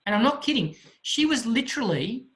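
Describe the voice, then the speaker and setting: A man giving a motivational talk, telling a story in an animated way with vivid sound effects. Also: very high-pitched, fairly quick, low-quality recording. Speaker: motivational speaker.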